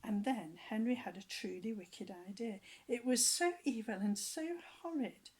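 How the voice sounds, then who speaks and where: A woman's voice: fairly high pitch, unhurried, a little mellow, husky, low-quality recording. A woman reading a children's book aloud to a child, with playful asides and stretches of whispering.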